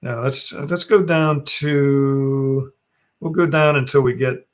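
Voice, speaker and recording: A man's voice: medium pitch, steady tone, slow. A man co-hosting a casual live stream, rambling and restarting sentences as he talks through what's on screen, his voice worn and fading. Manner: rambling, restarts sentences, narrates what he's doing on screen. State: losing his voice.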